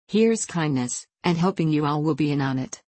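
A woman's voice: low voice, expressive, normal speed, darkish tone, dry recording. Woman reading as Daylight, a brash prospector. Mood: boastful. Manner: swaggering backwoods dialect, boastful. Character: brash male frontier gold prospector.

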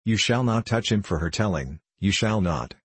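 A proud, sharp-tongued mother answers with biting scorn, as a man voices her. The voice stays low and slightly husky, recorded dry and close. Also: animated, moderate pace, no echo. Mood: furious.

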